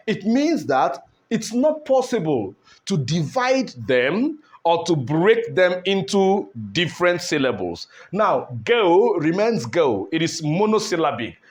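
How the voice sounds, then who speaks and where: A man teaching an online English pronunciation lesson, speaking deliberately, repeating words and asking "all right?" as he goes. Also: high-pitched, big pitch swings.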